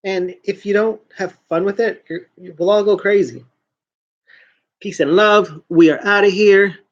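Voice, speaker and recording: Speaking a little slowly, a man with a high-pitched voice and fairly even intonation hosts a joke news show from home. He talks at his computer in a casual, rambling, self-mocking way, joking and trailing off then restarting. The sound quality is lo-fi.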